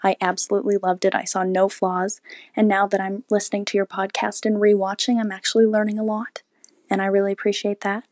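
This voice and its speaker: A woman's voice: mid-range voice, a little mellow, no room sound, clean studio sound. A seventeen-year-old girl from Canada leaving an earnest, gushing voicemail for a podcast. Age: teens. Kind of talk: voicemail message.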